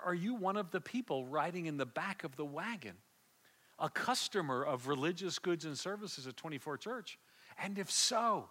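Man preaching with passionate, bright voice. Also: high voice. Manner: passionate storytelling, swinging from hushed to loud; repeats words as he builds. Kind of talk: sermon.

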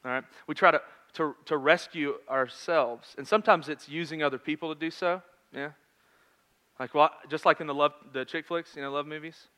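A man in his thirties preaching a sermon in a conversational storytelling manner, swinging between loud and hushed. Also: a little high, fairly even intonation, normal speed. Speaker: pastor.

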